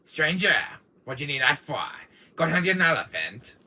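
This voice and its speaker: A man voicing a shady male merchant from a video game, with a low, gravelly rasp. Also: big pitch swings, normal speed, bright, forceful tone, exaggerated voice. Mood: sly.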